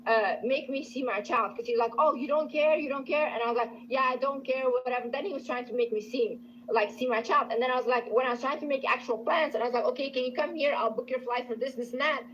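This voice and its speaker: A high-voiced woman vents to her audience with a bright, tense edge. Her frustrated rant is full of swearing. The clip audio is dull, with a faint hiss. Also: fast talker, few pauses.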